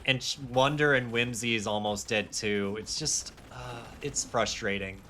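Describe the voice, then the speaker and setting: A man's voice: mid-range voice, unhurried, pushed and bright, a little hiss or hum. A young man streaming a game live, talking casually in a heated, rambling rant with swearing and self-mocking asides. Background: faint game music.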